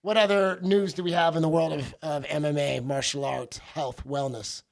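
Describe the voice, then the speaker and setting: A man's voice: on the high side, fairly even intonation, moderate pace, vocal fry. A man co-hosting a martial arts podcast, chatting casually and riffing with jokes and teasing. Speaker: podcast co-host. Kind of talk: casual chat.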